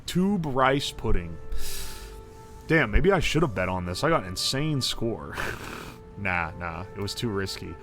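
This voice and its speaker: A man streaming a game live, reading out ingredient lists and swearing in loud disbelief, then making himself talk calmly. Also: lowish voice, unhurried, pauses often, soft background music. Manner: excitable and profane, swearing and yelling in disbelief. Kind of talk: live-stream gaming commentary.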